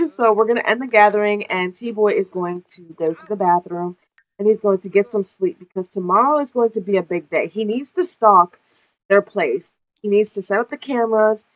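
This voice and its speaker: A woman's voice: mid-range voice, normal speed, dull audio. Chatty, foul-mouthed woman gamer. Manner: profane, laughs often, chatty. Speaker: gameplay narrator. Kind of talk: casual game commentary.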